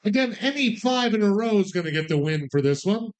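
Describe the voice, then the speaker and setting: A man calling bingo numbers, drawing each call out slowly and tossing in quick, playful joking asides. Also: sits high, expressive. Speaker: bingo caller.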